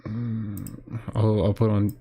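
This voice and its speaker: A man live-streaming a game, chatting casually, thinking out loud, swearing and repeating himself. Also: fairly low pitch, flat delivery, takes it slowly, husky. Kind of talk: casual live-stream chat while gaming. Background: game music.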